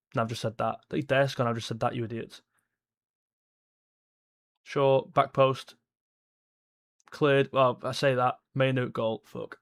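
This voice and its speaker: A man hosting a live football watchalong, reacting to the match with excitable, blunt comments and swearing at the players. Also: mid-range voice, a little slow, long pauses. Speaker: fan watchalong host.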